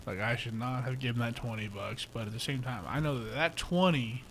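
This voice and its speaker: A young man co-hosting a casual podcast, his talk salted with profanity. He tells stories in a lively way and turns loud when he acts out what friends said. A faint hiss of noise sits behind his voice. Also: mid-range voice, fairly quick. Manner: profane, animated storytelling, acts out quotes loudly. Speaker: podcast co-host.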